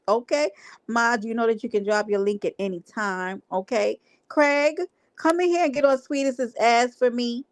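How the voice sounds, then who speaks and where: A woman's voice: fairly high pitch, dry recording. A woman hosting a livestream, talking to her chat in a brash, playful way with plenty of profanity. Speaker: livestream host.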